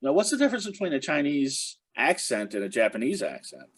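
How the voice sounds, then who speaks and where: A man with a mid-range voice hosts a casual interview, talking quickly. He asks curious questions and fills the gaps with uhs as he goes. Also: medium pitch, big pitch swings, breathy edge. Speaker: podcast host.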